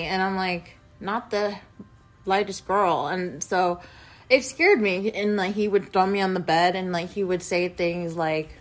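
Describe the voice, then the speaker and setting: A young woman vlogger telling a personal story in a rambling, casual way, filling every pause with "like" and speaking bluntly with plenty of swearing. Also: mid-range voice. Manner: rambling, heavy use of "like", blunt and profane.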